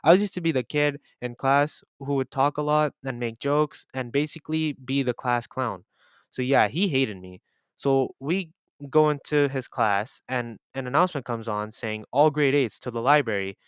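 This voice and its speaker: A man's voice: mid-range voice, moderate pace, clear, resonant tone, dry recording. A young man telling a story-time vlog over gameplay, casual and exasperated, with some swearing. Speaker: YouTuber.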